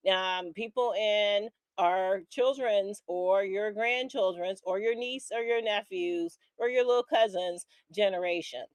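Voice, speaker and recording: A woman's voice: medium pitch, dry recording. An angry woman speaking as a guest on a live political commentary stream, impassioned and tagging her points with "right?".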